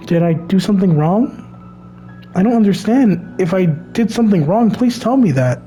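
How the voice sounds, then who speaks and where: A man's voice: high voice, expressive, normal speed, warm tone, soft background music, low-quality recording. Man voicing eager bubbly schoolgirl Sayori. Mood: upset. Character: cheerful, eager teenage girl, Sayori.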